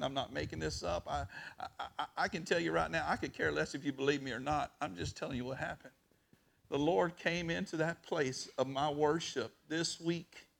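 A pastor preaches with a high, raised pitch and a gravelly rasp. He moves between quiet confiding and near-shouting. The delivery is heartfelt and emotional throughout. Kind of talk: sermon.

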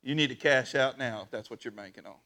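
A man giving an emotional sermon as a pastor, swinging from hushed talk to loud, shouted preaching. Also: mid-range voice, quick pace.

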